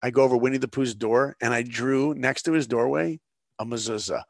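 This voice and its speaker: Gravelly-voiced man telling stories. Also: medium pitch, a little fast, dry recording, clean studio sound. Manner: animated, emphatic storyteller. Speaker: guest storyteller. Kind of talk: storytelling interview.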